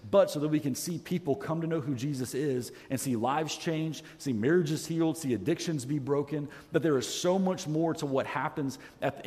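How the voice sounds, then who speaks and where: A man's voice: a little high, darkish tone, in a large hall. A man pastor preaching a sermon on a headset mic in a church, earnest and self-deprecating, often restarting his sentences. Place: church sanctuary. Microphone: headset microphone.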